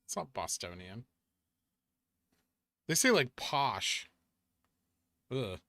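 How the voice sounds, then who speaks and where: A man's voice: mid-range voice, expressive, measured pace, pushed and bright, dry recording, clean studio sound. A man hosting a casual stock market livestream, answering chat and thinking aloud over charts in an offhand, muttering way.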